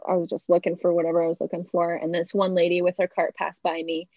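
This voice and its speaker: A woman's voice: fairly low pitch, monotone, quick pace, no echo. A Canadian woman guest on a video call, chatting casually and giggling easily as she tells stories. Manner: easygoing, giggly storyteller. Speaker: podcast guest. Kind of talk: casual chat. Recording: dull lo-fi call audio, dry.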